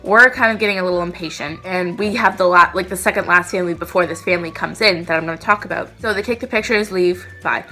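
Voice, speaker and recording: Young woman vlogger, bright voice, animated storytime delivery. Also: fairly low pitch, fast talker, hardly any pauses, faint music behind. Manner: animated, dramatic retelling. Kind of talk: storytime vlog.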